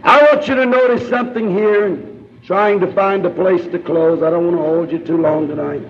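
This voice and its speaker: High-voiced chanting revival preacher man. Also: steady tone, moderate pace, muffled recording. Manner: chanting, rhythmic preaching cadence. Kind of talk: revival sermon.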